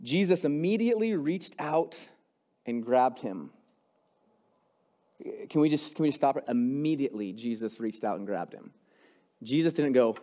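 Young man, pastor, casual animated sermon, fairly high voice. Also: normal speed. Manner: casual, animated storytelling with rising intensity.

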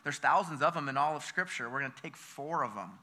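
A male pastor from the United States delivers a lively sermon in a high voice that sounds sharp and very bright. He throws question after question at the congregation and doubles back on his words as he pushes on. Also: quick pace. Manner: energetic, with call-and-response questions to the congregation; repeats words and restarts phrases.

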